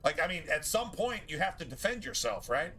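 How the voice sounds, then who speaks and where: A man's voice: a little high, sing-song, fairly quick, pushed and bright. A man streaming a game, ranting profanely to his chat in a loose, rambling way. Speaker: gaming streamer. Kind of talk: casual rant to stream chat.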